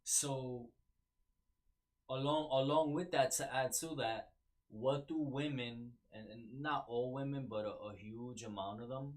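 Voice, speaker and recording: A man's voice: mid-range voice, steady tone, a little slow. A man hosting a podcast, talking in casual solo commentary with many ums and repeated words. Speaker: podcast host.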